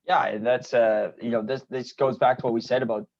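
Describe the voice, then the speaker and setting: A man's voice: medium pitch, fairly even intonation, brisk, a little mellow, no echo. A man co-hosting a podcast, casually discussing a TV episode in a loose way, full of "you know" fillers. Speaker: podcast co-host. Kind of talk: casual show recap chat. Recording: dry, dull lo-fi sound.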